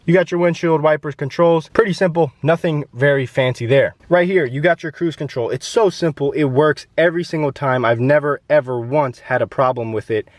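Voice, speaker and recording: A man's voice: on the high side, fairly quick, few pauses, dry recording. A young man giving a chatty, joking walkaround review of his pickup truck, talking to the camera from inside and around it. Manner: chatty and joking, lively ups and downs.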